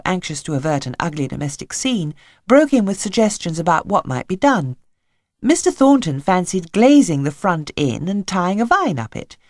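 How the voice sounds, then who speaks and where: A woman narrates a children's novel with wry, expressive phrasing. Her voice sits low but swings widely in pitch. The studio recording is close and dry. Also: no room sound. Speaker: audiobook narrator. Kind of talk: scripted narration.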